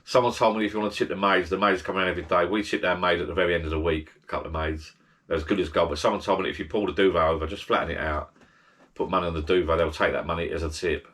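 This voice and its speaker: A man's voice: sits low, fairly even intonation, rapid-fire, fairly bright tone. A man giving rambling, chatty holiday advice as a travel vlogger, full of restarts and asides. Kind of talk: casual holiday advice chat.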